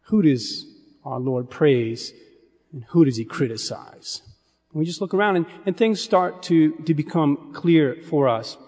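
Earnest male preacher, slightly high voice, measured delivery, long hall reverb. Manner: earnest, measured, dropping to a hush on key phrases. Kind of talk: sermon.

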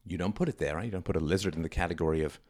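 Middle-aged guy hosting his own show, real low voice, thinking out loud, dry close mic. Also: rapid-fire, no echo. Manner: reflective, conversational, emphatic. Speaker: podcast host. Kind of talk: solo monologue.

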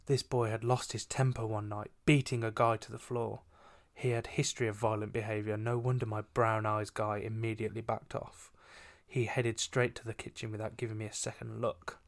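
A woman's voice: a bass voice, level tone, moderate pace. A woman co-hosting a casual chat, giggling and using lots of fillers as she reads fan fiction aloud. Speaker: podcast co-host.

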